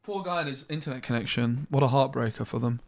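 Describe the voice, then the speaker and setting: A man's voice: medium pitch, quick pace, dry recording. A man streaming a card game, chatting casually and muttering asides with mild slang. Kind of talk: casual gameplay commentary.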